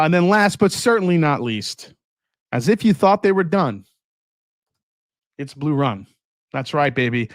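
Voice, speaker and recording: A man's voice: medium pitch, no room sound, clean studio sound. A man hosting a casual whiskey review show, sarcastic and profane, mocking marketing copy.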